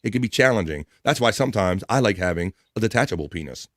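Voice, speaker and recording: A man's voice: fairly low pitch, animated, fast talker, a bit bright, dry recording, studio quality. Joking man hosting a livestream. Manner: jokey, crude banter, laughs often. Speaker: livestream host. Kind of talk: casual livestream chat reading viewer comments.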